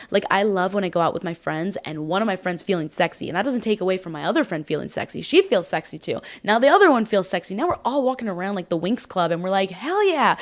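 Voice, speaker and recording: A young woman hosting her own podcast, talking casually and encouragingly with lots of filler words. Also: medium pitch. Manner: chatty and encouraging, many "like" fillers. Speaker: podcast host. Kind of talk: casual solo podcast monologue.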